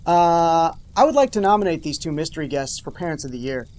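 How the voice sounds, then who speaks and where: A host recapping an old TV episode with sarcastic jokes and playful asides to the audience. The pitch swings widely, rising into mock-dramatic outbursts before dropping back to a steady medium register. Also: brisk. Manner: jokey asides to viewers. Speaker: show host. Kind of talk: comedic episode recap commentary.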